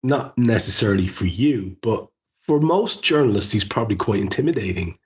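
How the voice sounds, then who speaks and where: Man, podcast host, casual chat, long winding questions, lowish voice, muffled recording. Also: animated, fairly quick. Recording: muffled lo-fi audio.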